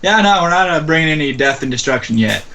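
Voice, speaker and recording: A man's voice: fairly high pitch, animated, fast, bright, forceful tone. A man playing a tabletop game, describing his character in an offhand way. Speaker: player. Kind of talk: casual game chat.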